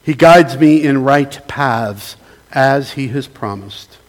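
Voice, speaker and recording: A man leads a sermon as pastor, reading scripture and praying aloud. His voice sits at an ordinary middle pitch, gentle and unhurried. He pauses often and invites the listeners to join in. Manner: gentle, pausing, invites the congregation to respond.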